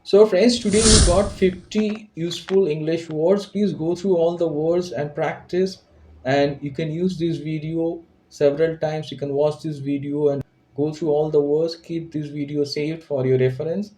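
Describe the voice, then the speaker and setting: Man, vocabulary teacher, patient, repeats each meaning, a bit high-pitched. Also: fairly even intonation, moderate pace, dark tone, low-quality recording. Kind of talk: vocabulary lesson.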